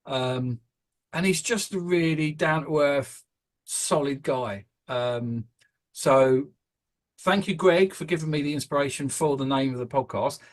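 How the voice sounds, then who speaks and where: Speaking a little slowly in a slightly high voice, this British podcast host rambles along, hesitant and full of fillers, ums, and restarts.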